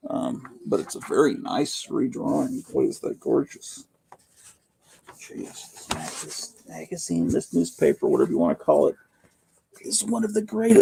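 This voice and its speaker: Gravelly, husky man hosting a chat. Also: mid-range voice, mellow, no echo. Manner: rambling, reads viewer comments aloud. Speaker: host. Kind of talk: casual live-stream chat.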